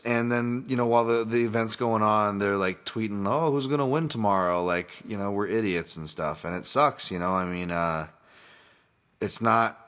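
A man with a low-leaning, fairly bright voice hosts a solo fight podcast as its analyst. He talks casually and rambles, swearing freely and restarting his sentences often.

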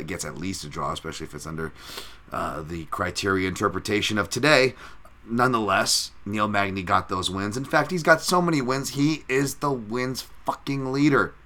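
A man with a lowish voice that carries a bright, forceful edge hosts a solo podcast. He talks through fights in a loose, swearing, rambling way and often restarts his sentences. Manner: casual, profane, rambling with restarts. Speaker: podcast host.

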